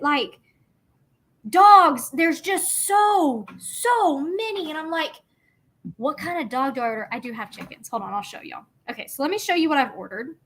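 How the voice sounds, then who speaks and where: A woman's voice: sits high, fairly bright tone. A young woman chatting casually and bubbly on a craft livestream, rambling with many fillers.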